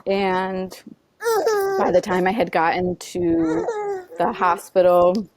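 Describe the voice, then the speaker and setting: A woman guest on a podcast, telling a personal story in earnest, halting conversation full of "like" and "you know.". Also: fairly low pitch, flat delivery, a crowd in the background.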